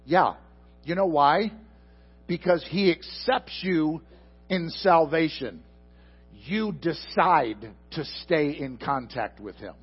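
A husky-voiced man preaching to a congregation, delivering his sermon slowly and deliberately. His pitch swings widely as he moves between emphatic bursts and quiet asides. The recording is dull and lo-fi, with faint music underneath. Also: animated. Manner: addresses the congregation directly with questions. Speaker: pastor. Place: church sanctuary before a congregation. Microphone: microphone.

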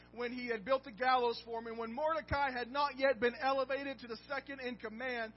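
High-voiced emphatic preacher man. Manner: emphatic, storytelling with call-and-response. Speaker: pastor. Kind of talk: sermon. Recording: dull lo-fi recording with faint music.

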